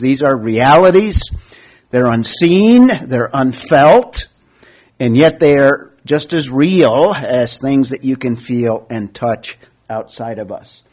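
Teaching a Bible study class, a man with a mid-range voice explains scripture in a measured way, using rhetorical questions and stressing key words emphatically.

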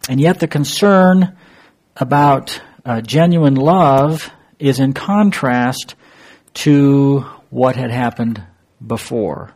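Slow, husky-voiced man teaching scripture. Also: medium pitch, darkish tone. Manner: thoughtful, halting, with pauses and fillers; asks rhetorical questions. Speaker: Bible teacher. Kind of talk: verse-by-verse Bible teaching.

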